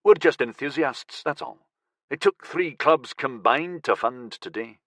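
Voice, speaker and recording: Narrator as a gruff middle-aged bike crew leader. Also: male voice, mid-range voice, animated, unhurried, a bit bright, no room sound, clean studio sound. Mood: matter-of-fact. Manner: gruff, matter-of-fact.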